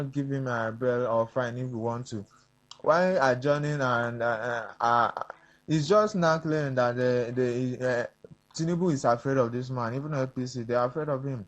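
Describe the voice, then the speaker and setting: A man calling into a radio show, giving his opinion earnestly with frequent halting fillers. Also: mid-range voice, highs cut off. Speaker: caller. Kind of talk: phone-in opinion.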